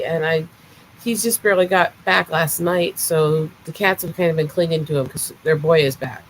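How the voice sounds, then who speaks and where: A woman's voice: on the low side, slight background noise, poor audio. A woman in a casual livestream chat, talking with a sassy, teasing edge and some swearing.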